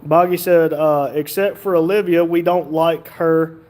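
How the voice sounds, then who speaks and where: A man's voice: fairly high pitch, steady tone, measured pace, a little mellow. A man hosting a casual livestream, reading viewer comments aloud and joking along. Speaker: livestream host reading chat.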